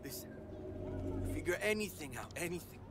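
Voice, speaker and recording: Man playing a distraught game gangster, swearing, lively swinging pitch, fairly high, noisy game audio. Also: normal speed, close to an everyday voice. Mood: distressed. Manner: agitated, swearing, pleading. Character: distraught male gang member fearing for a lost friend.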